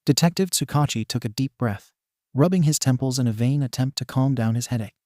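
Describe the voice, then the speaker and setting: A man's voice: medium pitch, fairly quick, darkish tone, no echo, studio quality. A man narrating a fan story in a wry, playful scripted reading.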